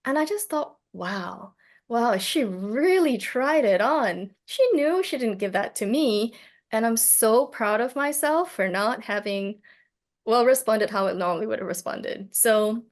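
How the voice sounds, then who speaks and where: A woman's voice: on the high side, normal speed. A woman telling a personal story in casual talk, reflective and hesitant, with many fillers and restarts. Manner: reflective, gently animated when telling a story. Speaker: speaker on plant medicine.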